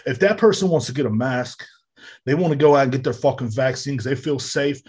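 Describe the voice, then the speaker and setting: This is a man from the United States running his podcast out of a home room close to a street, recorded on a desk microphone. He talks fairly quickly in an animated medium pitch, a little mellow and slightly rough, rambling and cursing with frequent fillers.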